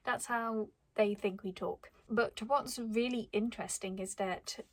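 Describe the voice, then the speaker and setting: A woman's voice: mid-range voice, fairly even intonation, unhurried. Chatty young woman with a Black Country accent. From Black Country, England. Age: 20s. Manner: chatty, loses her train of thought, laughs at herself. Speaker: vlogger. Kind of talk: casual talk to camera. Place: at home in front of a flag.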